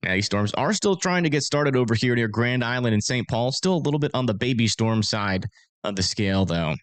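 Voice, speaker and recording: A man hosting a casual storm-forecast livestream. He talks in a rambling, filler-heavy way, and his pitch moves a lot. The sound is close and dry, with no room echo. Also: lively intonation, a little fast.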